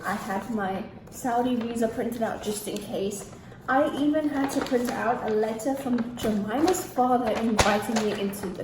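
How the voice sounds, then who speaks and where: A teenage girl tells her story on a vlog in a lively, ranting way, swearing often. Her voice is fairly high and mellow. It echoes in the room over faint ambience. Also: a little hiss or hum. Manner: animated, ranting, heavy swearing. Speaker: vlogger.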